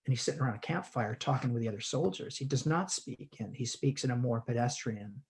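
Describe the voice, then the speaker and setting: Man talking haltingly with many restarts. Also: medium pitch, darkish tone. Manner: halting, frequent restarts and repeated words. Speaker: guest actor. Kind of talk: conversational teaching chat.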